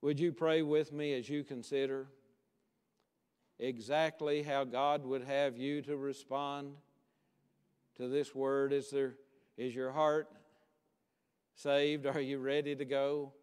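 A male pastor preaching a sermon with emphatic, repeated calls to commitment, easing into a quiet prayer. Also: mid-range voice, level tone, takes it slowly, long pauses, clean tone. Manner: impassioned preaching with rising emphatic repetition, then quiet prayer. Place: church sanctuary. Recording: long church-hall reverb.

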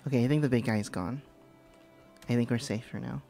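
A man doing live gameplay commentary as a VTuber streamer, excitable and giggly, panicking and repeating words in bursts. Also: mid-range voice, brisk, creaky, faint music behind.

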